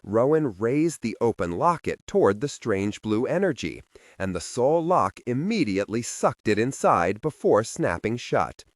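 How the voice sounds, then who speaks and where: A man narrating a dark fantasy audiobook in an expressive, scripted reading on a close studio microphone. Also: medium pitch, normal speed, dry recording. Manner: expressive, wide-ranging reading.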